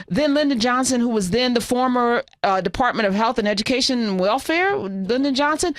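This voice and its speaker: A woman's voice: on the high side, animated, a little fast, few pauses, dry recording. A woman hosting a talk radio show, delivering fiery, sarcastic, scolding commentary into a studio microphone.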